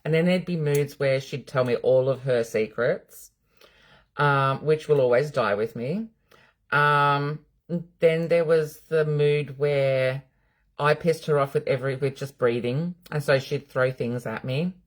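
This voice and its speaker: A woman's voice: a bass voice, unhurried. A middle-aged Australian woman, a psychic medium hosting a live stream from home, chatting casually, bluntly and with plenty of swearing while answering viewers' comments.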